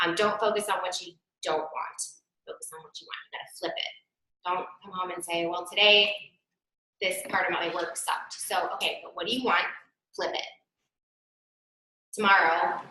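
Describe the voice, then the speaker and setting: A woman's voice: fairly low pitch, bright, forceful tone. A woman hosting a spiritual talk, an earnest medium coaching listeners and repeating key phrases. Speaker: psychic medium, host. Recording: very echoey room.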